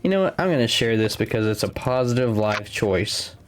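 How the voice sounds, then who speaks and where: A man's voice: lowish voice, expressive, fairly quick, soft background music. A man co-hosting a live tabletop game stream, chatting casually and laughing easily. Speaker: stream co-host and commentator.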